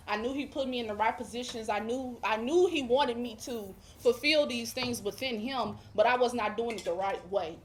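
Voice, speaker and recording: Emphatic woman giving a faith testimony. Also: fairly high pitch. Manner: emphatic, preacher-like repetition. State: emotional, near tears at times. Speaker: guest. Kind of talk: religious testimony.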